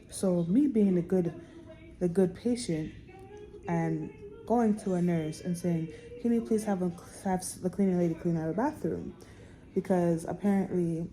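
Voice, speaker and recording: A woman's voice: fairly low pitch, warm tone, poor audio. A woman telling a hospital story in a casual, indignant rant, swearing and acting out both sides of an argument. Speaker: vlogger telling a birth story.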